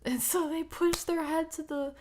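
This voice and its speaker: A woman's voice: very high voice, steady tone, normal speed, darkish tone, a little hiss or hum. A woman with a stuffy nose chatting on a livestream, often dropping into a half-whisper, giggling as she reads and answers chat. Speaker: ASMR streamer.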